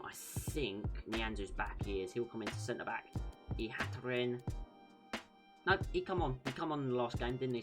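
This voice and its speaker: A young man commentating his own football video game play, calling each move and breaking into shouts when goals go in. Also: medium pitch, low-quality recording. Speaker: gaming YouTuber.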